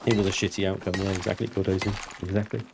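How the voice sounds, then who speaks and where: A man's voice: deep voice, flat delivery, racing. A man in his thirties, chatting casually and swearing freely as he streams a game and answers chat. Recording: clear background noise.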